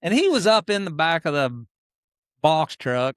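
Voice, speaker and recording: Middle-aged guest storyteller, smooth, dry close sound, animated, acts out others. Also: male voice, on the high side, a little slow, no room sound. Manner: animated, acts out quoted people, frequent restarts. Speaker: podcast guest, motocross racer. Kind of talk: casual storytelling.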